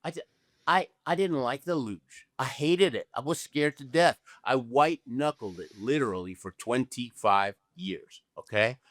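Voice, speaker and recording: Animated older man telling a story. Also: medium pitch, moderate pace, no room sound, clean studio sound. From Argentina. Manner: animated storyteller, acts out dialogue, frequent "okay?" tag questions. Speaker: guest, Olympic luge athlete. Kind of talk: storytelling interview answer.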